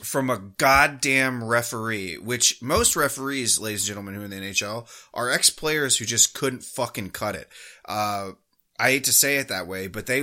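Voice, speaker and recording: A man's voice: mid-range voice, pushed and bright. A man co-hosting a sports podcast, ranting heatedly with constant swearing. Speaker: podcast co-host. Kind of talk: casual podcast rant.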